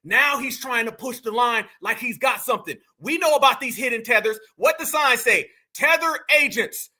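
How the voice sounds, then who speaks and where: A man with hosts heated reaction commentary. His voice sits very high and sounds sharp and bright. He mocks and challenges his target with slang and a string of rhetorical questions. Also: moderate pace. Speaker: commentary host.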